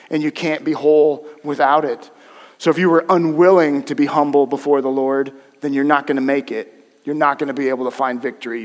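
A man preaching a sermon as pastor, direct and conversational with his congregation, swinging between hushed and loud emphasis. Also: fairly high pitch, in a large hall. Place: church sanctuary.

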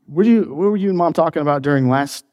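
A man's voice: on the high side, racing, darkish tone, dry recording, clean studio sound, in a large hall. A pastor in his forties, preaching a sermon in a church, mixing joking teases with earnest preaching. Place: church sanctuary.

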